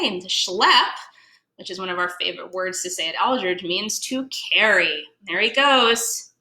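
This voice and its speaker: A woman museum educator reading a children's story aloud, playful and animated, explaining words as she goes. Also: mid-range voice, measured pace. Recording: echoey room.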